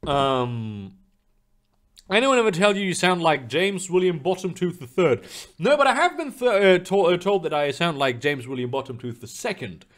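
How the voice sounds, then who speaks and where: A young man answers his chat in a loose, rambling stream session, his slightly high voice swinging up and down a lot. He swears freely and stumbles through fillers and restarts as he talks. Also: sing-song, normal speed, fairly bright tone. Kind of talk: casual live-stream chat. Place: home room.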